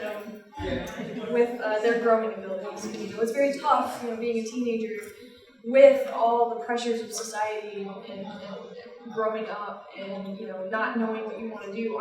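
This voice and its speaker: A young woman on a panel, talking casually with fillers and frequent laughs. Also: fairly high pitch. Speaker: panelist, paranormal investigator. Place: large event room with audience. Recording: echoey room, distant mic, crowd.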